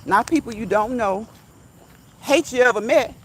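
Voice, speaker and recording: A woman's voice: fairly high pitch, moderate pace, background noise. A woman vlogger giving motivational talk on a walk outdoors, emphatic and repetitive, chuckling now and then, into a phone mic. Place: outdoors, walking at night. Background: crickets and insects.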